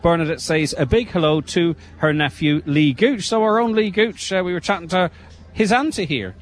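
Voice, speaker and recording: A man with an Irish accent presenting a live outdoor radio broadcast, upbeat and giving shout-outs. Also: a little high, normal speed, slight background noise. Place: outdoor show ground.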